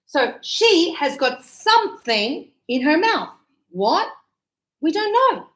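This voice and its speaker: A middle-aged Australian-accented woman teaches a live English grammar lesson, lively and acting out little examples as she explains. Her voice is high-pitched and slow, heard in an echoey room.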